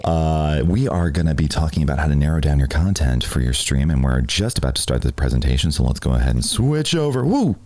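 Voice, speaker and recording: Sex: man. Role: stream team host. Style: live-stream masterclass. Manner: rambling, lots of fillers, quick to laugh. Pitch: very low but swinging widely. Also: animated, darkish tone, a little hiss or hum.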